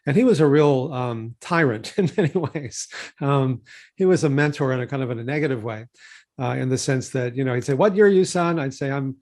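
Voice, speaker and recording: A man in his sixties from Texas talks through his memories in an easygoing, rambling way. He keeps circling back with "uh" and "you know" and restarts his sentences, but his voice stays even and of middling pitch. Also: brisk. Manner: relaxed, digressive, many fillers and restarts. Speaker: physician and researcher. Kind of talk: conversational interview storytelling.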